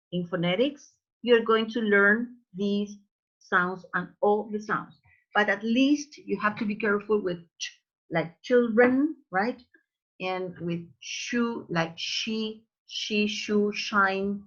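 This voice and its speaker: A woman teaches English pronunciation over an online call, saying words again and again so students can copy them. Her voice sits at an everyday pitch. The sound is dull and lo-fi. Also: a bit bright. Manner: drills sounds slowly, repeating words, calls students babies.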